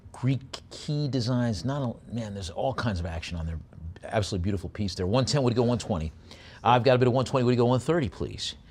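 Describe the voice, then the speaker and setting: A man working as an auctioneer, calling bids briskly and slowing down, with many "uh" pauses, to describe each piece. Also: on the low side, darkish tone, slight background noise. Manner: brisk bid calling between slower item descriptions; many filler pauses when describing items.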